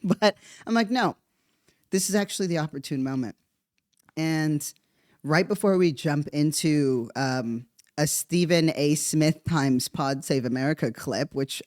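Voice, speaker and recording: Solo podcast host: chatty comedic monologue, frequent laughter, mid-pitched voice, dry close recording. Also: dry recording. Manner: animated, laughs often, rambling asides.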